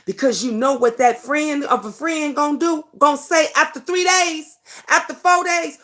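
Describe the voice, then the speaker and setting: A woman's voice: sits high, moderate pace, a bit bright. A woman hosting a livestream talk show, speaking fervently, swearing freely, addressing viewers by name, and hammering home repeated rhetorical questions. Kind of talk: impassioned casual livestream talk.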